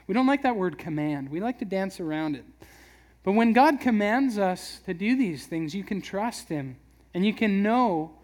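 A young man preaching a sermon in church, talking in a relaxed conversational way with jokes and frequent restarts. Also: sits high. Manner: conversational, humorous, many restarts. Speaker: pastor.

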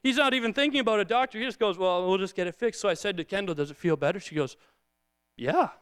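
A man's voice: high-pitched, very fast, fairly bright tone, clean tone, no room sound. A man in his thirties, a pastor preaching a sermon in a chatty storytelling way, acting out prayers and family moments. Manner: conversational storytelling, acts out quoted prayers.

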